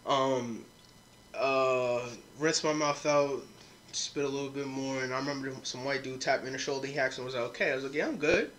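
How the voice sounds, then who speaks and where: A man's voice: medium pitch, flat delivery, fast, fairly bright tone, a little hiss or hum. A young man hosting a podcast, telling a rowdy drinking story in casual, profane talk full of quoted dialogue. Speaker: podcast host. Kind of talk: casual storytelling among friends.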